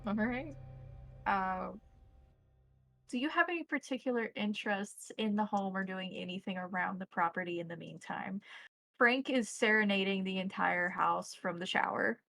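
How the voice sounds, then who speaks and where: Bright-voiced woman game master. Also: mid-range voice, moderate pace, vocal fry, no echo, faint music behind, low-quality recording. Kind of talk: narrating a tabletop game.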